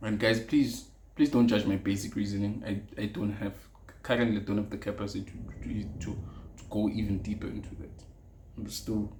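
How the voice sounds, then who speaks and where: Earnest South African man with a low voice. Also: a little mellow. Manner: earnest, repeats key phrases, mixes Zulu into English. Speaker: podcast host. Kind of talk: casual solo podcast monologue. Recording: echoey room with faint ambience.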